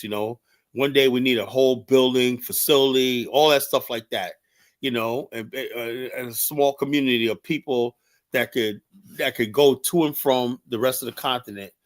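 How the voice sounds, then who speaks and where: Man, livestream host, mid pitch, blunt, rambling, casual, lots of "you know".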